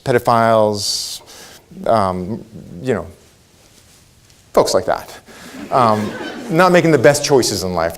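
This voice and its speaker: A middle-aged man gives a conference keynote. He tells stories in an animated way, with lively rises and playful asides. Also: mid-range voice. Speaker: keynote speaker.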